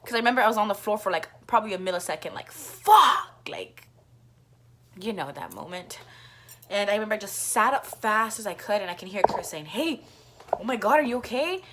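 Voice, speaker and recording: A woman's voice: mid-range voice, fast talker, background noise. Rambling woman vlogger telling a story. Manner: rambling, full of "like" fillers, profane; coughs now and then. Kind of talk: casual storytime monologue.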